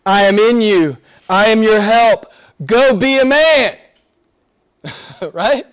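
A male pastor preaching a sermon, swinging between loud exhortation and hushed whispers, with laughs between points. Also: sits high, slow, pauses often, clean tone.

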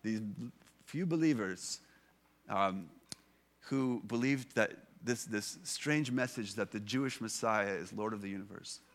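A man's voice: lowish voice, measured pace. A man in his thirties, a pastor, giving a conversational sermon with many fillers and restarts.

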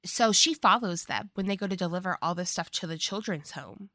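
A woman walks through a movie's story in casual podcast chat, steady and quick to agree. Her voice is bright. The recording is dry and close. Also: on the low side, dry recording. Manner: narrates plot steadily, agreeing often. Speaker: podcast co-host.

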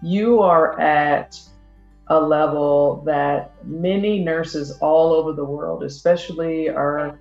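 A podcast host asking questions in a thoughtful, halting way, with many fillers. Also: medium pitch, fairly even intonation, gravelly, a little mellow, echoey room, highs cut off, soft background music. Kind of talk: podcast interview.

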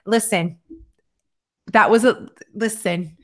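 A woman's voice: mid-range voice, takes it slowly, fairly bright tone. A woman co-hosting a casual livestream, talking in a chatty way with lots of fillers and restarts. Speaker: co-host of a livestream.

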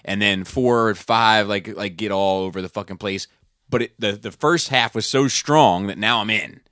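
A man co-hosting a podcast in casual, profane, animated chat, laughing loudly. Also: lowish voice, normal speed, no room sound, studio quality. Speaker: podcast co-host.

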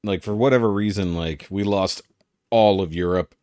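A man's voice: sits low, moderate pace, a little mellow, smooth, dry recording, clean studio sound. A man hosting a casual podcast chat while drinking, rambling and laid-back. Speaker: host.

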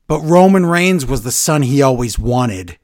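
A man casually chatting as a podcast co-host, retelling a story with lively reactions. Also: mid-range voice, a little slow. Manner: animated storyteller, quoting others in a flat retelling voice. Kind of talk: casual chat, recapping a wrestling segment.

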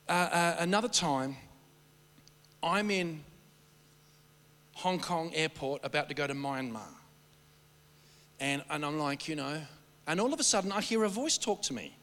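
A man preaching and telling stories, rambling and animated, often stammering and restarting his sentences. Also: on the high side, unhurried, long pauses. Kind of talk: sermon storytelling. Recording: long hall reverb.

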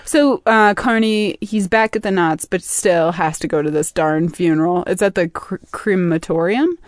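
A woman's voice: fairly low pitch, moderate pace, dry recording, studio quality. A young adult woman co-hosting a podcast, chattily recapping a book with fillers and laughs. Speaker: podcast co-host. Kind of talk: casual book discussion.

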